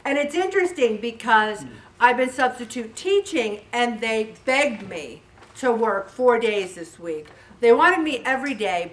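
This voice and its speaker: Bright-voiced woman in her sixties telling stories. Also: on the high side, distant mic. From Syracuse, New York. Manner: lively storyteller, acts out dialogue. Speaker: weight loss group leader. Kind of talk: casual inspirational talk.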